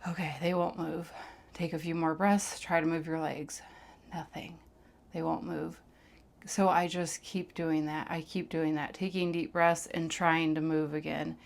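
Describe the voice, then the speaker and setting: A woman candidly recounting a personal experience to camera, blunt and profane, sometimes dropping into a hush. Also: sits low, flat delivery, measured pace, gravelly. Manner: blunt and profane, drops into hushed tones. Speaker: vlogger sharing her past.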